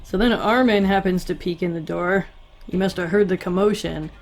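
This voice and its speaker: A woman's voice: lowish voice, moderate pace, slight background noise. A woman casually recapping a story with profane, wry asides. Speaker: recap host.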